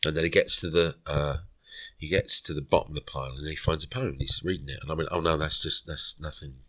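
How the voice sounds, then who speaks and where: A man's voice: a bass voice, fast, fairly bright tone, no room sound, studio quality. A middle-aged man, a podcast guest, tells a rambling story and acts out the quoted dialogue. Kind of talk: storytelling interview.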